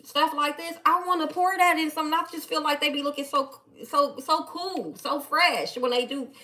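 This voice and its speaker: A woman chatting casually on a live stream, playful and animated as she talks back to her viewers. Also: sits high, normal speed. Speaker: live-stream host reading viewer comments.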